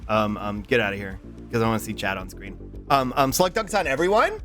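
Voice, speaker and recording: A young man streaming, chatting casually to his viewers, rambling and swearing as he slips into quick voice impressions. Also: on the low side, big pitch swings, fairly bright tone, soft background music. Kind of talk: casual livestream chat.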